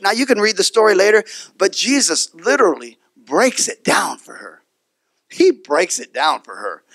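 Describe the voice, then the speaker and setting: A male pastor preaching with a bright, forceful voice that swoops widely up and down, roughened by some gravel. He tells the story animatedly, acts out each person in it and repeats his key phrases. The sound is close and dry. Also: high voice, huge pitch swings, moderate pace, dry recording. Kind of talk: sermon.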